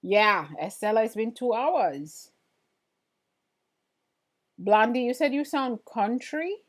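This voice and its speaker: Taking her time, a middle-aged woman with a slightly high voice runs a casual live stream. She chats easily, speaks to viewers directly, and answers their comments as they pop up.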